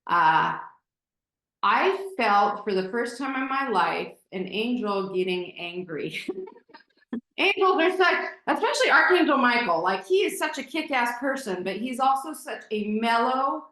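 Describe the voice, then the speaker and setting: A woman's voice: a little high, sing-song, a little slow, bright, forceful tone. A woman guest telling a personal story candidly and emotionally, with many fillers and restarts. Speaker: podcast guest. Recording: roomy echo.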